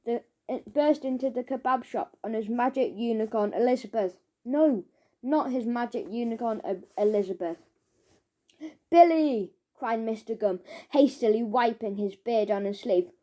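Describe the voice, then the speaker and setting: A woman narrating a children's audiobook, chanting its rhymes with lively rhythm. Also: a little high, moderate pace.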